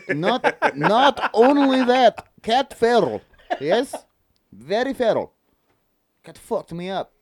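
A man putting on a Russian accent, telling a story in slow, broken English as a gruff, boastful Russian man. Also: extremely high pitch, big pitch swings, voice pushed up, exaggerated voice. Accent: put-on Russian.

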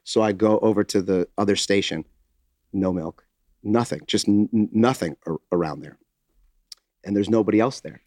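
An American man telling a story in casual chat, animated, acting out quotes and swearing. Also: on the low side, moderate pace, pauses often, no room sound, studio quality. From United States. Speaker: podcast host telling a story.

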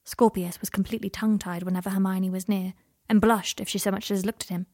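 A woman narrating fan fiction in a calm, steady storytelling voice. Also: mid-range voice, fast, few pauses, no echo, studio quality. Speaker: reader.

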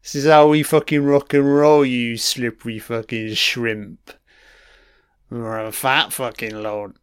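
A man's voice: mid-range voice, fairly even intonation, slow pace, clean tone, no echo, clean studio sound. A man giving a crude, mocking running commentary on a film, swearing heavily as he reacts.

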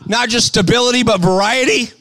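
A man preaching a sermon to a live crowd, shouting to rouse the audience and calling for responses. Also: very high voice, no room sound. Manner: bursts of quick patter between slow, stressed lines.

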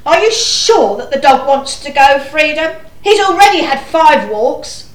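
A woman's voice: high voice, sing-song. Woman playing Ida Down, frazzled panto mum. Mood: exasperated. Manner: exasperated, chatty, slow drawn-out delivery. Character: frazzled harried mother in a shoe house. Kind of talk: amateur panto acting. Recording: echoey room.

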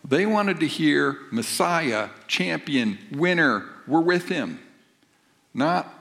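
A man's voice: medium pitch, lively intonation, unhurried, vocal fry, a bit bright. A man who is a pastor, preaching a sermon and reading scripture aloud before explaining it in a conversational, emphatic way.

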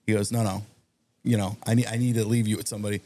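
A man telling a long, animated story on a podcast, acting out the other people in it. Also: fairly low pitch, racing. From Massachusetts. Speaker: guest storyteller. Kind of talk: casual anecdote on a podcast.

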